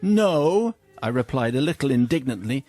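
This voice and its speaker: A man's voice: mid-range voice, expressive, fairly quick, no room sound, faint music behind. A male radio host reading a listener's funny confession letter aloud, amused and often laughing.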